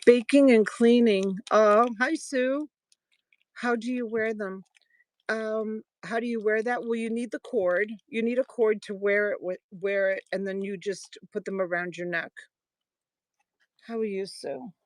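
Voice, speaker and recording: A woman's voice: medium pitch, steady tone, measured pace, no echo. A woman selling jewelry on a live stream in a chatty, affectionate way, thanking viewers by name. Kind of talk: casual live-selling chat.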